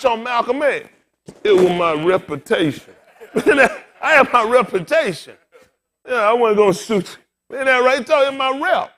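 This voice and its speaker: A man preaching as pastor, telling jokes and talking straight to the congregation, bald and getting older. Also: high-pitched. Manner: animated, joking with the congregation. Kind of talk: humorous conversational sermon.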